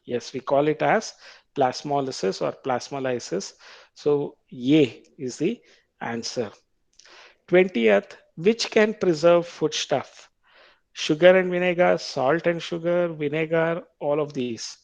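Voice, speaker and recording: A man with an Indian English accent lecturing on biology, reading quiz questions aloud, repeating them slowly and explaining the answers patiently. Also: a little high, gravelly, no room sound. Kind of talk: quiz-style classroom lecture.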